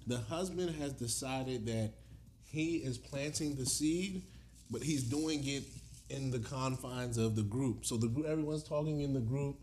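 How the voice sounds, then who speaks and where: A man's voice: medium pitch, a little slow, a little hiss or hum. A man co-hosting a casual chat, telling a long story with speech and acting out the people in it. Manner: animated, acts out voices of people in the story. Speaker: podcast co-host telling a story.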